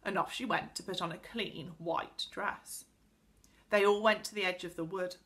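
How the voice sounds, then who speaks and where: A woman teacher reading a children's book aloud to pupils in an expressive storytelling voice. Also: fairly low pitch, moderate pace. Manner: speaks directly to pupils.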